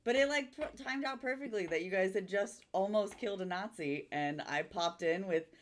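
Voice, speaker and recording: Woman game master on a chat panel, lively storyteller, average pitch. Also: moderate pace. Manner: animated storytelling, laughs often.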